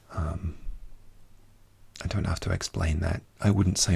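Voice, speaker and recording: A man with a British accent, talking slowly and softly in soft-spoken ASMR, often slipping into whispers, close to the microphone. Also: low-pitched, fairly even intonation, vocal fry, a little hiss or hum. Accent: British English. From Britain. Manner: slow, soft speech drifting into whispers. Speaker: ASMR creator.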